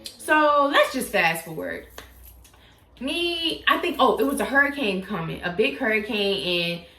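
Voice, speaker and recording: A young woman tells a personal story in a casual, animated vlog, acting out quotes with sudden leaps in pitch. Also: a little slow, roomy sound. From South Florida. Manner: animated, dramatic retelling with acted-out quotes and sudden pitch jumps. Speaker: YouTuber telling a story.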